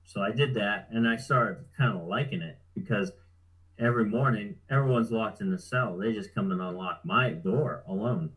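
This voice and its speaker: Guest, male, low voice, easygoing storyteller, salty language, chuckles along. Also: normal speed, fairly bright tone, low-quality recording. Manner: laid-back, profane, chuckles while telling. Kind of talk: casual storytelling.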